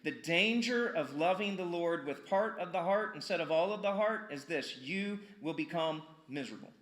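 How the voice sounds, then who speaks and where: A man preaching a sermon in an echoey church, with a bright, forceful, fairly high voice. He talks to the congregation like he is chatting with them, firing off questions and repeating key words for emphasis. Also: lively intonation, moderate pace. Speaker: pastor. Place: church sanctuary.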